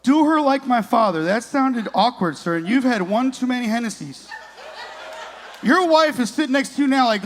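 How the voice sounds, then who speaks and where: A man's voice: sits high, expressive, fairly quick, fairly bright tone. A man in his late thirties doing a crude, profane stand-up comedy set on a comedy club stage, working the crowd. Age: 30s.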